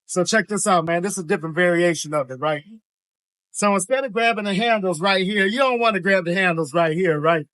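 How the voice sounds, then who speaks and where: A young fitness coach talks through exercise form on a gym floor, his voice sitting high for a man. The sound is dry and close, with almost no room echo. He keeps it loose and slangy, tossing in tag questions as he demonstrates. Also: a bit bright. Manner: laid-back, slangy, peppered with tag questions. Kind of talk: casual workout instruction.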